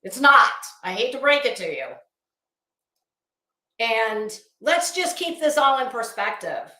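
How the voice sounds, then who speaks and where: A middle-aged woman vents in a casual, profane commentary, her tone sharp with sarcasm. Her voice is bright and sits a little high. The room adds a noticeable echo to every line. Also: very animated, measured pace. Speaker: YouTube commentator. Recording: roomy echo.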